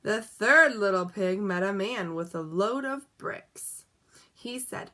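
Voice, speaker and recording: A woman reading a picture book aloud in a lively, expressive way, dropping softly on the asides. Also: mid-range voice, takes it slowly. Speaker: storyteller. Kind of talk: storybook read-aloud.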